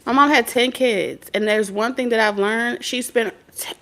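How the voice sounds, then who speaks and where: A woman's voice: on the high side, steady tone, moderate pace, fairly bright tone, slight background noise. A woman and mother, a spirit medium, talking bluntly and profanely in a casual, preachy monologue. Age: adult mother of several children. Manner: blunt, profane, streetwise storytelling. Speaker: spirit medium and tarot reader.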